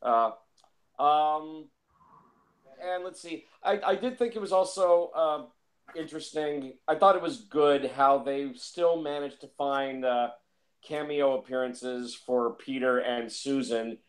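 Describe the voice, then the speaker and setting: A man's voice: fairly high pitch, steady tone, slow pace. A man talking casually about films, rambling and repeating himself with lots of fillers. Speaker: film reviewer. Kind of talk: casual film discussion.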